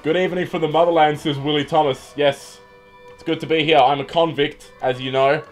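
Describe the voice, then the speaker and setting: A man's voice: on the high side, fairly even intonation, fairly quick. An Australian man hosting a livestream, chatting casually and joking as he greets viewers by name at his computer. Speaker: livestream host. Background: music playing.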